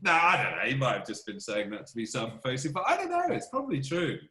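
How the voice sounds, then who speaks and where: A male composer chats as an interview guest, spinning self-deprecating anecdotes with lively swings in pitch. The sound is roomy, with noticeable echo off the walls. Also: fast. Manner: animated, self-deprecating storyteller. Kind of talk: casual interview conversation.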